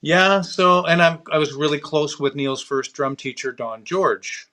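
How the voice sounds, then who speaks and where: A man's voice: a little high, measured pace, sharp tone. A man, a drummer and author, chatting as a guest and reminiscing in a rambling, enthusiastic way. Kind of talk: casual chat.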